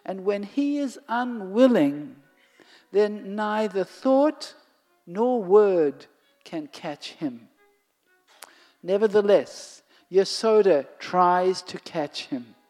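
A storyteller narrates a devotional tale at an unhurried pace, sometimes dropping to a whisper. The voice trails into a long hall reverb with faint music beneath it. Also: mid-range voice. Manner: slow and expressive, sinking to a whisper at times.

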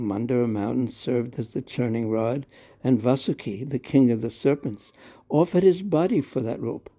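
A man playing a gentle, soothing mother. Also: mid-range voice, close to an everyday voice. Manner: soothing, explaining patiently. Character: gentle loving mother of the child.

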